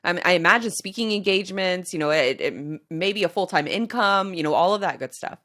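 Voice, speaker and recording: A woman hosts an interview podcast, asking easygoing, curious questions. Her voice sits somewhat low for a woman. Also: expressive, a little fast, a bit bright. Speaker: podcast host.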